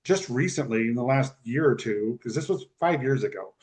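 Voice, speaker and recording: Speaking at normal speed with a medium-pitched voice, this podcast guest shares a personal story in casual conversation. He tells it with energy, performing the quoted speech of each person involved.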